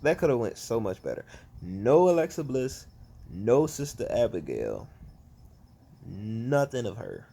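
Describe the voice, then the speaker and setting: Animated ranting man, swooping pitch. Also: measured pace, vocal fry, breathy edge. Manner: animated, profane, exasperated ranting. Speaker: wrestling fan vlogger. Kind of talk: casual ranting review.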